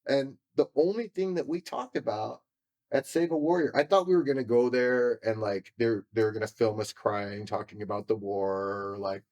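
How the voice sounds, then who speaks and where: A man's voice: mid-range voice, normal speed, darkish tone. A man from California telling his story as a podcast guest, candid, emotional and profane, acting out what people said to him. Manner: emotional and confessional.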